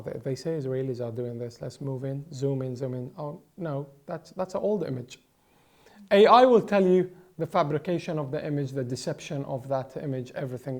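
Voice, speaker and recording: A man from the Middle East speaks as an interview guest, emphatic and impassioned, circling back with repeated words and restarts. His voice sits fairly high yet sounds dark and mellow. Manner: emphatic, with frequent restarts and repetitions. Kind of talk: impassioned political commentary.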